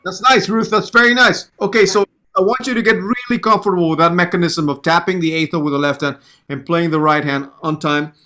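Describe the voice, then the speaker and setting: A man's voice: high-pitched, fairly even intonation, fairly quick, few pauses, bright, forceful tone. A man giving a piano lesson, patiently counting beats aloud and singing the rhythms he wants. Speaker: piano teacher. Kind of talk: online music lesson.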